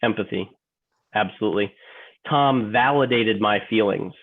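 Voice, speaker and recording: A man's voice: lowish voice, normal speed. A man teaching a sales workshop, putting questions to the group. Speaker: sales trainer. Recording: tinny phone-like line.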